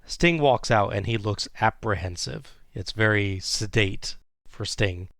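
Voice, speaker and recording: A man's voice: on the low side, measured pace, creaky, fairly bright tone, no room sound, studio quality. A man hosting a podcast, recapping a wrestling match play by play in a casual way with small chuckles.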